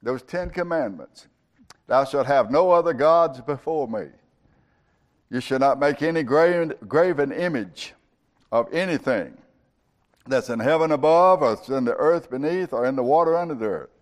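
A man's voice: mid-range voice, animated, normal speed. A man preaching a sermon as a pastor, reciting scripture and speaking God's words in the first person.

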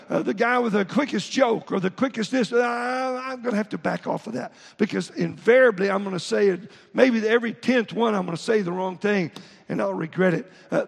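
A man preaching a sermon as pastor, reading scripture aloud with halting restarts. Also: high-pitched, vocal fry, breathy edge, in a large hall.

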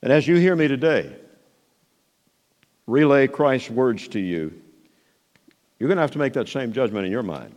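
A man preaching a sermon, moving between soft asides and raised, emphatic declarations. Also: mid-range voice, animated, moderate pace, pauses often, muffled recording. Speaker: pastor. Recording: long hall reverb.

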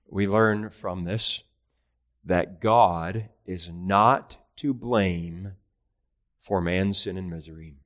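Earnest male preacher, emphatic questions. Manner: earnest preaching, rising in pitch and volume for emphasis; rhetorical questions, slow emphatic phrasing. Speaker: pastor. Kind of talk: catechism sermon.

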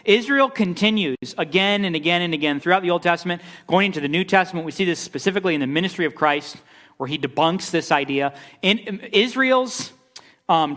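A man's voice: high-pitched, fairly bright tone. Guy preaching in a big echoey sanctuary, emphatic, asks the room questions, repeats himself for effect. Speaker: pastor. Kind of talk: expository sermon. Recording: long reverb of a large hall.

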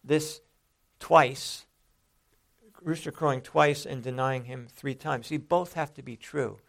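A man preaching with a gravelly, creaky edge to his voice. He talks earnestly and conversationally, often stopping to restart a phrase before pressing his point. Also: mid-range voice, takes it slowly, fairly bright tone. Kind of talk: sermon.

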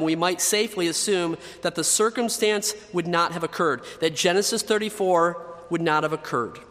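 Male pastor, slightly high voice, emphatic repeated-phrase delivery, sanctuary reverb. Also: fairly bright tone. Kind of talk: sermon.

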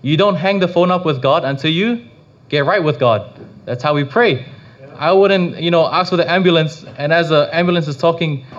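A man's voice: a little high, normal speed. A man giving a casual devotional talk on prayer, rambling with frequent restarts and filler phrases. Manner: rambling, full of restarts and "you know". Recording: slightly dull lo-fi recording.

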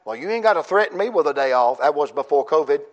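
Fiery, high-voiced revival preacher man. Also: expressive, fast talker, dull audio. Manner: shouting, crying out in rising bursts; folksy, self-deprecating humor. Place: church conference service.

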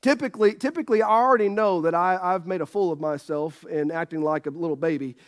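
High-voiced folksy preacher man. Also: fast. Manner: folksy, joking with congregation. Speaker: pastor. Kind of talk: sermon. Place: church sanctuary.

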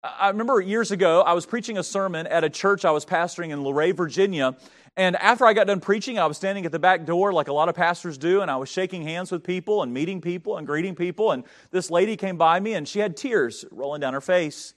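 A man's voice: sits high, fast talker. A middle-aged male pastor from North Carolina preaching a sermon, telling stories and building to emphatic swells.

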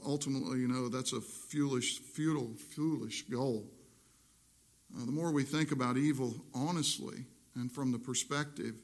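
A man's voice: mid-range voice, a bit bright. A man preaching a sermon, reading scripture aloud and explaining it with earnest emphasis. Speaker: pastor.

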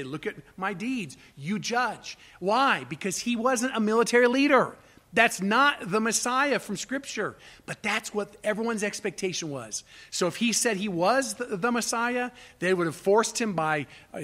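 Guy preaching a sermon, high pitched and bright, gets really passionate. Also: lively intonation, normal speed. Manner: impassioned, rising to near shouts on quoted cries. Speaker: pastor.

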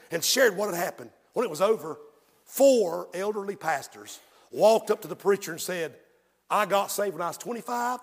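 A man preaching a sermon, telling stories and swinging from loud, fervent exclamation to quiet, dropped-voice narration. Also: high-pitched, big-room sound. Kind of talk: sermon storytelling.

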